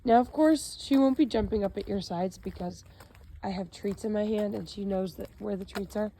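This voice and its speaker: A woman dog trainer explaining kennel and leash training outdoors, her voice slightly hoarse, mixing calm instruction with short commands and praise to a dog. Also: medium pitch, moderate pace, low-quality recording. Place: outdoors, chilly.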